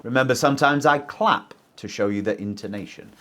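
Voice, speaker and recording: A man's voice: mid-range voice, background noise. A man teaching English as a native speaker, modelling sentences for learners to repeat in a pronunciation lesson. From English-speaking country. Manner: very lively teacher intonation, slow deliberate pacing.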